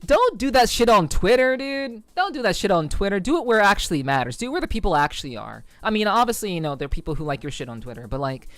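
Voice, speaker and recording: A woman from the United States streams live and chats casually with her viewers. She greets them by name and wanders through loose, rambling tangents. Her voice is smooth and clear and sits close to the mic, with a dry sound and no room echo. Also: sits low, very animated, very fast, few pauses. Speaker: VTuber streamer.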